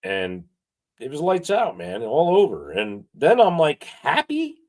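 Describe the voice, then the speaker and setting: Animated guy rambling a hunting story, voice all over the place, mid pitch. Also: unhurried. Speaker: co-host. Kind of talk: casual chat.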